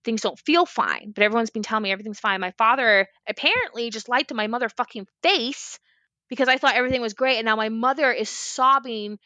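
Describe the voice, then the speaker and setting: A woman's voice: fairly high pitch, dry recording. Candid woman telling a painful story. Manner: candid, expressive, fills speech with "like". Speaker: podcast guest. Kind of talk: emotional personal storytelling.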